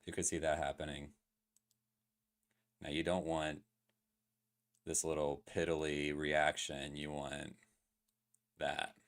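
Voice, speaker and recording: On a live stream, a man talks loosely through crypto chart analysis, packing in fillers and putting questions to his chat. His voice is very deep and completely flat, and he speaks slowly with frequent pauses.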